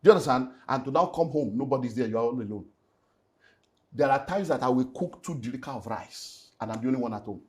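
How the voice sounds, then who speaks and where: A middle-aged man with a Nigerian accent, a pastor talking about his life in an emotional way that rises into loud, emphatic bursts. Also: medium pitch, expressive, fast. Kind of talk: candid personal testimony in conversation.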